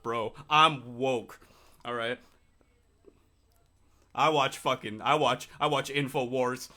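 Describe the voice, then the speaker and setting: A man's voice: mid-range voice, steady tone, takes it slowly, pauses often, sharp tone. A young man co-hosting a podcast, chatting casually in a laid-back, joking, profane way. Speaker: podcast co-host. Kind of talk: casual chat.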